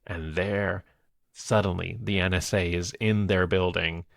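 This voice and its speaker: Gravelly-voiced man chatting about movies. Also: deep voice, measured pace, no room sound, studio quality. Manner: animated retelling of film scenes, laughing often. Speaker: podcast co-host. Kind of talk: casual movie review chat.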